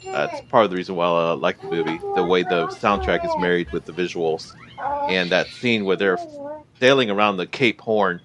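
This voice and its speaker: A man with a very low voice talks through a film in casual podcast chat. He hesitates often and fills the gaps with filler sounds as he gathers his thoughts. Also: over a noisy crowd. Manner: hesitant, many filler pauses. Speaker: podcast co-host. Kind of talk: casual movie discussion.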